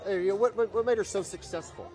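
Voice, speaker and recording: Casting: quick, slightly higher-voiced male TV reporter, stumbling and filler-heavy, music behind. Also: darkish tone, some chatter behind. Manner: fast, halting, with many fillers. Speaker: TV field reporter. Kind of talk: live on-location interview. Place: collectibles show.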